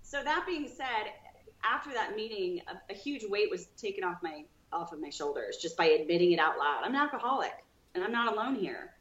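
A woman guest on a podcast, telling her own story with lively, acted-out dialogue. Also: medium pitch, fairly quick, reverberant, muffled recording. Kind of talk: storytelling in an interview.

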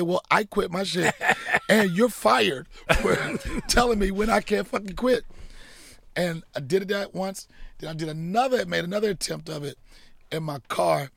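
A middle-aged man, a comedian guest, telling profane, animated stories in casual chat and acting out quotes. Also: a little high, creaky, no echo, clean studio sound.

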